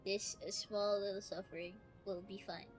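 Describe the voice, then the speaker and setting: A woman's voice: mid-range voice, level tone, moderate pace, faint music behind. A woman streamer chatting casually and tearfully thanking viewers, laughing often. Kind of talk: casual live-stream chat.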